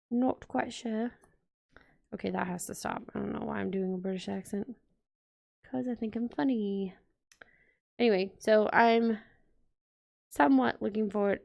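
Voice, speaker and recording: A woman's voice: medium pitch, vocal fry, darkish tone. A woman vlogger chatting casually to her viewers while decorating a planner, rambling and talking straight to the audience. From United States.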